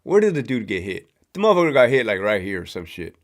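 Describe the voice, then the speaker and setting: A man's voice: fairly low pitch, sing-song, quick pace. A man from Southern California with a local accent, hosting a casual live stream and answering viewer questions in a slangy, profane, loose storytelling way. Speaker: livestream host, former prison guard.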